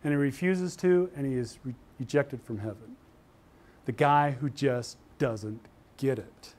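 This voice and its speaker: An older man from Utah giving an animated university lecture, telling stories and acting out the voices of the people in them. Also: mid-range voice, measured pace. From Utah, USA. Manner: lively storytelling, acts out quoted voices. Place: lecture hall.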